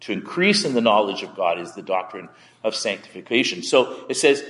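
A male pastor with a somewhat low voice gives a candid, conversational sermon. He halts often, repeating words before finding his thought. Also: expressive, moderate pace, fairly bright tone, big-room sound. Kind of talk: sermon with personal story.

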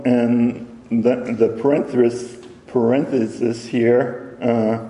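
Guy reading scripture in a sermon, slow and careful, mellow voice, echoey hall. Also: mid-range voice. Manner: slow, deliberate reading with self-corrections. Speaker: preacher. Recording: echoey hall with long reverb.

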